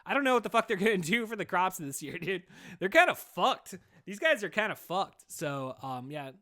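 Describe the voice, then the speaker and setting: A man hosting a solo podcast, talking in a loose, rambling monologue. He swears constantly and keeps calling the listener "dude." His voice sits a little high for a man. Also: sing-song, normal speed, sharp tone. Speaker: podcast host.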